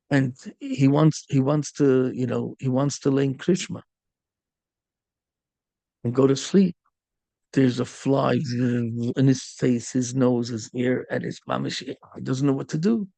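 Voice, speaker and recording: A man, a rabbi, telling a story in a sermon, lively and full of Yiddish and Hebrew words. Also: medium pitch, creaky, no room sound.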